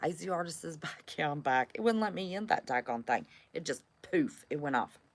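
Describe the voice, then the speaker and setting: A woman's voice: low voice, expressive, fairly quick. A woman hosting a casual live chat and greeting viewers by name in a chatty, folksy way, recorded on a phone on a stand. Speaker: livestream host greeting viewers.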